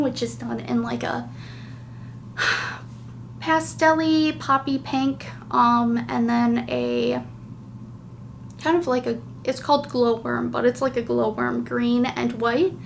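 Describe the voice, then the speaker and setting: A woman's voice: a little high, steady tone, slow, vocal fry, a little hiss or hum. A woman hosting a knitting podcast, chatting casually and gushing, with lots of fillers. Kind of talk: casual chat.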